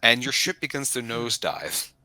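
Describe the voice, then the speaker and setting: Bright-voiced male game master. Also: mid-range voice, very animated, no echo. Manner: rambling, self-correcting, quick to laugh. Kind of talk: narrating a tabletop game.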